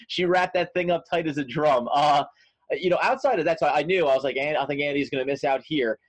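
A man's voice: a little high, fast, no echo. A man co-hosting a sports podcast, chatting casually in a rambling, joking way with many restarts. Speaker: podcast co-host.

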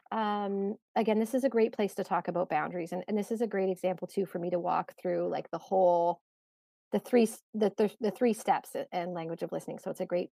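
A middle-aged woman, a parenting coach, explaining calmly in a podcast interview, with many fillers and restarts. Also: medium pitch, gravelly, no room sound.

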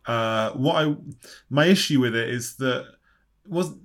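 A man's voice: mid-range voice, lively intonation, measured pace, a bit bright. Musing man in casual chat. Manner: musing, hedging, talks things through aloud. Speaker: podcast co-host.

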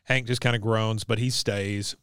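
Smooth-voiced man recapping an episode. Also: lowish voice, steady tone, moderate pace, fairly bright tone, no echo, studio quality. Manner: rambling, many fillers. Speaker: podcast host.

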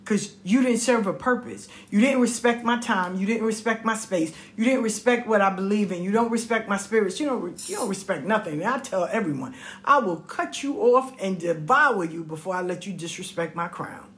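Woman, middle-aged, casual monologue, blunt, profane, animated quoting, mid pitch. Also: brisk. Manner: blunt, profane, animated retelling with quoted voices. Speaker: storyteller.

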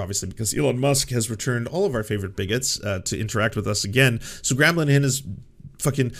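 A man's voice: mid-range voice, fairly bright tone. A man hosting a show, talking in casual, sarcastic and profane commentary and acting out quotes in mocking voices. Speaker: show host.

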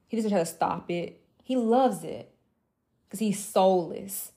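A young woman with a mellow, dark-toned voice delivers an impassioned motivational monologue to other women. She talks emphatically and repetitively, blunt and profane, slipping into mocking asides. Her pitch sits in an ordinary middle range. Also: slow pace. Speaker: women's mentor.

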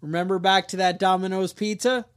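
A man's voice: sits high, fairly even intonation, fairly quick, clean tone. A man hosting a podcast, telling a crime story in a rambling, joking way and acting out the people in it. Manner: jokey, rambling, acts out quotes. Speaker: podcast host. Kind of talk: casual true-crime storytelling.

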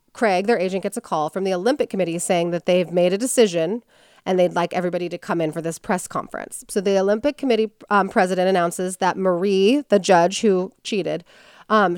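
Woman hosting a podcast, retelling a story all chatty, smooth voice, dry close sound. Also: lowish voice, dry recording. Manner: chatty, animated, with many fillers and quoted voices. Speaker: podcast host. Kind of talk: casual storytelling chat.

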